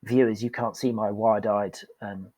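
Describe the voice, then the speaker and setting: Husky man telling his story. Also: lowish voice, level tone, moderate pace, a little mellow, no echo. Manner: frank and self-deprecating, acts out past dialogue. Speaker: podcast guest, performance coach. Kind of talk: candid storytelling in conversation.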